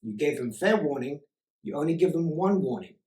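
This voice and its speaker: A man's voice: fairly high pitch, expressive, brisk, darkish tone. A man speaking as a life coach in a motivational self-help talk, emphatic and repeating key words for stress. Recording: roomy echo.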